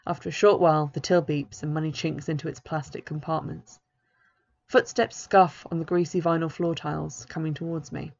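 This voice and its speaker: A woman's voice: sits low, steady tone, moderate pace, vocal fry, a little mellow. A woman author reading her own novel aloud in the first person, in a plain and understated way. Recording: dull lo-fi recording.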